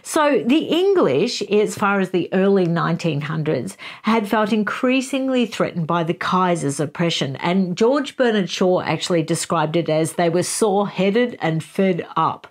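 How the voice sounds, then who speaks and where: A woman's voice: fairly low pitch, measured pace, few pauses. Chatty woman hosting a book review. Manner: animated, conversational storytelling.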